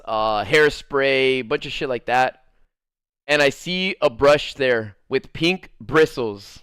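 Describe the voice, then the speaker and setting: Young man rambling through a story, crisp dry voice. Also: on the high side, no echo. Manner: rambling, full of "like", swears freely; laughs and gets loud at funny parts. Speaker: streamer telling a story. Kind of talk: casual storytelling over gameplay.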